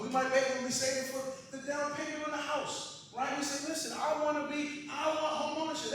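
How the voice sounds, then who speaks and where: High-voiced passionate man lecturing in an echoey hall. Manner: passionate, loud, talks to the audience with frequent "right?". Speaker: financial education presenter. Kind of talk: energetic workshop lecture. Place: large echoey hall with a live audience. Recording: very echoey hall, distant mic, faint noise.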